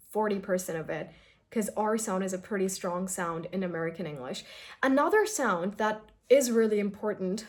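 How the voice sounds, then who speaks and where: A young adult woman teaching English pronunciation in a lively, explanatory way, speaking straight to her viewers. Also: mid-range voice. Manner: lively, explanatory, addresses viewers as "you guys". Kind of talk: direct-to-camera video lesson.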